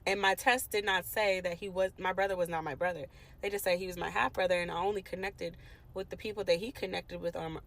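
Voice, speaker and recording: On poor audio, a late-twenties woman from the DC area recounts a personal story for her vlog audience with indignant emphasis. Her voice sits in the mid-range with a fairly bright tone.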